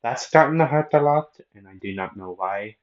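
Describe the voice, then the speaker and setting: A man's voice: medium pitch, lively intonation, normal speed, muffled recording. A man casually narrating a fan-made anime what-if story with rambling, self-mocking asides.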